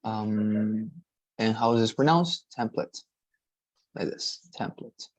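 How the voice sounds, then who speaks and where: A man teaching an online English lesson, repeating words slowly and checking in with "right?". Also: fairly low pitch, no room sound, dull audio. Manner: patient, repetitive, models pronunciations slowly, frequent "right?" checks.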